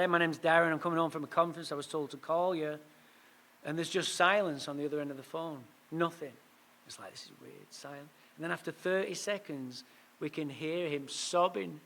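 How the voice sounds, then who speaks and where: High-voiced man telling a recovery story. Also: creaky. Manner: animated, punchy storytelling with quick asides. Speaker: speaker at a recovery meeting. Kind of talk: storytelling talk.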